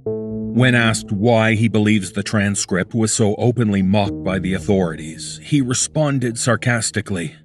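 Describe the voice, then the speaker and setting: A man narrating a horror story in a measured, documentary-like scripted voice. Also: on the low side, music in the background.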